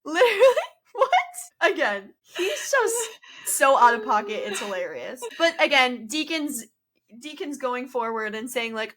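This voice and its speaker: A young woman co-hosting a podcast in casual chat, her voice bright and sharp and pitched a little high. She recaps scenes with animated energy and slips into quoted lines with big leaps in pitch. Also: unhurried. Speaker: podcast co-host.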